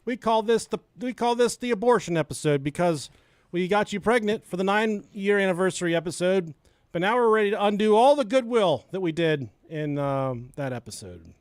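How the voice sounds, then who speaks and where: A middle-aged man co-hosting a crude comedy podcast, joking loudly and rambling through stories. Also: sits high, expressive, a little fast, dry recording, clean studio sound. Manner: rowdy, joking, breaks into song and mock voices. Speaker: podcast co-host.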